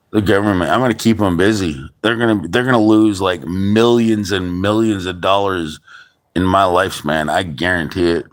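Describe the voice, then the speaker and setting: A man with a very low, deep voice vents in a long, heated monologue. He swears in nearly every sentence and keeps stumbling and restarting as he talks. Casual and unscripted, like talking straight to his stream. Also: moderate pace. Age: adult father. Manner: heavily profane, ranting with restarts. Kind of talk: angry venting monologue.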